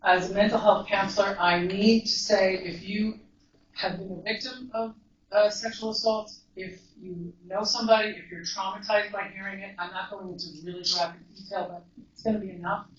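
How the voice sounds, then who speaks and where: A woman's voice: medium pitch, fairly even intonation, slight background noise. Woman telling a story in an echoey hall. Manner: earnest, measured, emphatic storytelling. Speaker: guest speaker and mental health counselor. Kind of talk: storytelling talk to a live audience. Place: large echoey event room. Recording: echoey, distant, dull live recording.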